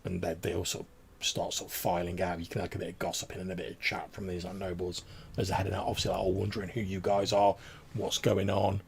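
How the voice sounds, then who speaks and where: A man's voice: deep voice, completely flat delivery, quick pace, vocal fry, slight background noise. A man narrating as game master, describing scenes in a loose, rambling way with many fillers.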